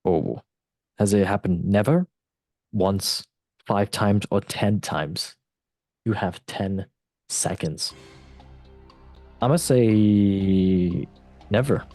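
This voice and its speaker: A man's voice: lowish voice, slow pace, long pauses, darkish tone, dry recording, faint music behind. A man hosting a football podcast quiz, joking and mock-dramatic in a casual chat. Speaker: podcast host running a quiz.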